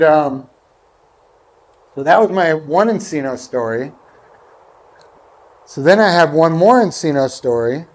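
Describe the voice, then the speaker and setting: Man, slightly high voice, casual storytelling, rambling, quotes people in voices. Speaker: guest golfer. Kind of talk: casual anecdote telling.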